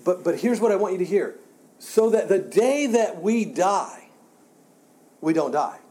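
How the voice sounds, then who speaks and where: A man's voice: high voice, expressive, measured pace, mellow, slight background noise. A man teaching a church Bible class in a conversational way, often repeating words and restarting his sentences.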